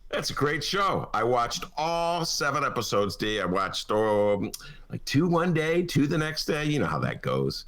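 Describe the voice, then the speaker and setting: Man, middle-aged, podcast host, rambling joker, chuckles a lot, hugely lively intonation. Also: medium pitch, unhurried. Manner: joking, chuckling, rambling asides. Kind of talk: casual talk show chat. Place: podcast studio.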